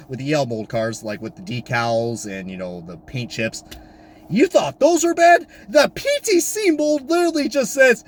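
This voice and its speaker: A man ranting loudly on camera about diecast cars, swearing and swinging from high exasperated shouts down to low mutters. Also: slight background noise. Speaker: diecast collector vlogger. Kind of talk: profane comedic rant. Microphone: camera mic.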